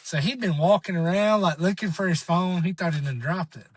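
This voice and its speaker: Guy telling a hunting trip story, kinda high voice, rambles, dry close sound. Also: fairly quick, slightly rough, dry recording. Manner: rambling, animated, acts out quoted voices. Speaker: podcast guest. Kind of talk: casual storytelling.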